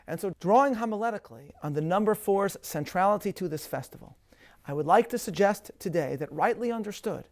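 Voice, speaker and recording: A rabbi giving a measured, emphatic scripted lecture on a religious festival, with Hebrew terms woven in. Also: male voice, sits high, lively intonation.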